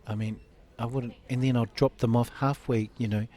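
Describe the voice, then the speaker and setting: An interview guest in his fifties earnestly recounts a personal story, acting out the dialogue as he goes. He speaks at a moderate pace in a mellow, medium-pitched voice with fairly even intonation.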